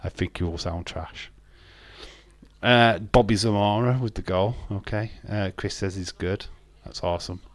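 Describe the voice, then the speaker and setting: A man hosts a live watch-along stream, joking and teasing his viewers as he reads their messages aloud. His voice sits on the low side. The sound is dry and close, with no room echo. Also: a little slow. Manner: jokey, teasing, laughs often. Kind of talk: casual live-stream chat, reading chat aloud.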